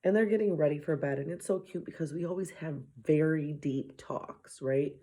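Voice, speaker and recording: A woman with a husky, slightly breathy voice tells a story about her children in a casual faith talk. She acts out what she said to them and slips into hushed whispers now and then. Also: low voice, moderate pace. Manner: animated retelling, dropping to a whisper at times. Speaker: mother sharing a faith message.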